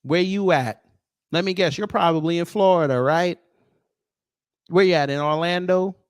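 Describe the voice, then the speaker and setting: Combative guy ranting, taunting, kinda high voice, dry close sound. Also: normal speed, smooth, no room sound. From United States. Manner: combative, sarcastic, taunting, swearing. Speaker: commentary host. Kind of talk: heated commentary rant.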